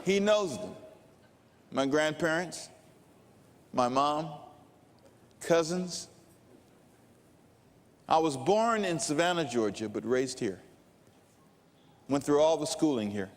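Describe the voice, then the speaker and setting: An older male pastor preaching a sermon, telling stories slowly and dramatically. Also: medium pitch. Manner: slow, dramatic preaching with storytelling. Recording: long reverb of a large hall.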